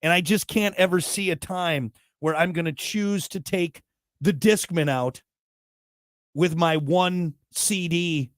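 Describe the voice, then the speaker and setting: A man's voice: on the high side, slow, no echo, clean studio sound. A man hosting a talk show, delivering a blunt, worked-up monologue with jokey asides. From United States. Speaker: show host.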